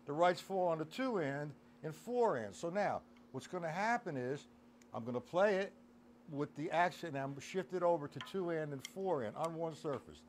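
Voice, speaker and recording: A man's voice: fairly high pitch, lively intonation, normal speed, slight background noise. Chatty man teaching drums. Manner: counts beats aloud, casual and chatty. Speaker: drum teacher. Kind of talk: live-streamed drum lesson. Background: drum kit playing.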